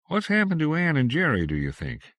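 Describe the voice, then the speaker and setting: A man's voice: on the high side, huge pitch swings, brisk, fairly bright tone, no echo, voice pushed up. A man voicing an irritable older husband who grumbles about the mail. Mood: grumbling.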